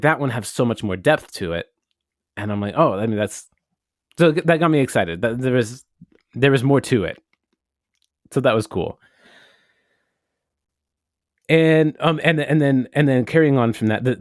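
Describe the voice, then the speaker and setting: A man's voice: mid-range voice, no echo, studio quality. A man co-hosting a podcast, telling a story in a rambling, casual way and swearing now and then. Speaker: podcast co-host. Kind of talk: casual chat.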